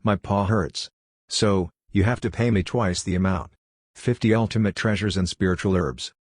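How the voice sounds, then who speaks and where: A man doing a smug greedy dog, deep. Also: normal speed, no echo, clean studio sound. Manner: smug, casual, self-satisfied. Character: smug greedy male dog, cocky and scheming. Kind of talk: audiobook character reading.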